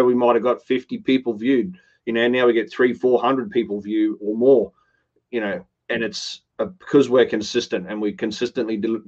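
A man's voice: on the low side, darkish tone, muffled recording. A man co-hosting a business show, talking earnestly and often restarting his phrases. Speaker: co-host. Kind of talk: business podcast chat.

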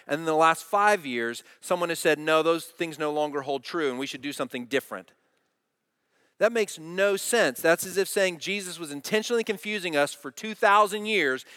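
A man's voice: a little high, a bit bright, no echo, studio quality. A middle-aged man preaching a sermon, earnest and direct, often asking the congregation questions. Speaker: pastor.

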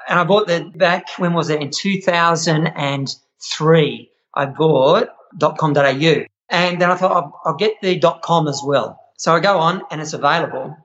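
A man's voice: fairly high pitch, moderate pace, hardly any pauses, lo-fi sound. A middle-aged Australian man, a chef, telling stories in a casual interview and laughing often. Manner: animated storyteller, laughs often. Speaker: guest, chef running an online membership.

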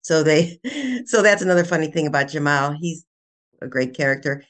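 An older woman, a children's author and guest, retelling her book's plot in a casual, animated way with laughs. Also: deep voice, normal speed. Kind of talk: casual storytelling interview.

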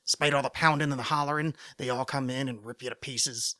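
A man doing an impression of a grizzled old sea captain who hunts sharks, telling a slow, brooding tale. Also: mid-range voice, fairly even intonation, pushed and bright, dry recording, clean studio sound, close to an everyday voice. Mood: brooding menace.

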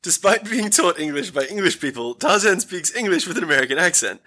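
A man's voice: high voice, fast talker. A man co-hosting a podcast in casual chat, reading out movie trivia and laughing often. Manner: animated, laughs often, reads trivia aloud. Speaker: podcast co-host.

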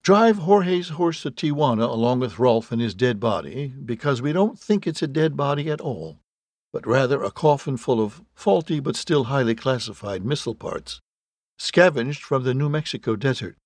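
A man voicing a guarded, secretive woman agent, hesitant and matter-of-fact, with a husky voice. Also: mid-range voice, lively intonation, normal speed, a little mellow, dry recording.

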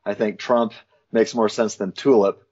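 A low, husky-voiced man talks through theological ideas with an easy, explanatory manner, now and then breaking into a light laugh. The audio is dull and lo-fi. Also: steady tone, measured pace, a little mellow. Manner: thoughtful, explanatory, laughs between points. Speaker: guest, Christian philosopher. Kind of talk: casual theological interview.

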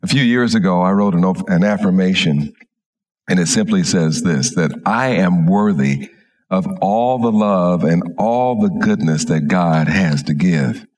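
A middle-aged man, a minister, telling a story slowly and gently in a sermon. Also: low-pitched.

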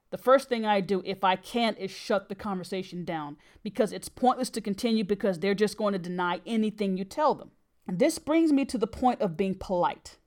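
A woman's voice: medium pitch, darkish tone. A middle-aged woman hosting a podcast, telling a personal story in an earnest, emphatic way. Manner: earnest and emphatic, with brief laughs.

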